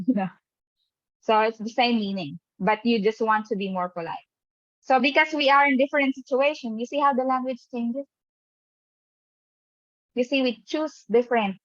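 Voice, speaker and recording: A woman's voice: on the high side, no room sound. A woman teacher running an online lesson who keeps checking in with the class by asking "right?". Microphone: webcam mic on a video call. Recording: dull, dry video-call audio.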